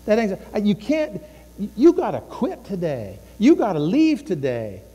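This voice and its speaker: A male pastor preaching with a fairly high voice, impassioned and given to repeating phrases. He slips into acted inner voices as he goes. His sermon rings through a church hall with a long, lingering reverb. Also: huge pitch swings, unhurried, mellow, husky. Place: church sanctuary.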